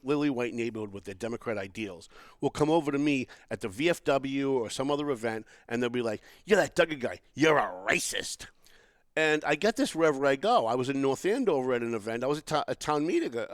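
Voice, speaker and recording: A man's voice: mid-range voice, rapid-fire, no room sound. A middle-aged man hosting a podcast, telling stories in casual political chat and acting out what people said to him. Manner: animated storytelling, acts out quotes. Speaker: podcast host.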